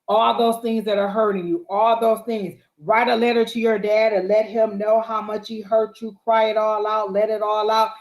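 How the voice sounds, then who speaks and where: A woman's voice: mid-range voice, little pitch movement, normal speed, hardly any pauses. Earnest woman giving a tarot reading. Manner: earnest, repetitive affirmations, coaching tone. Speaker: psychic tarot reader. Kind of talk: live tarot reading, advice. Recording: roomy echo.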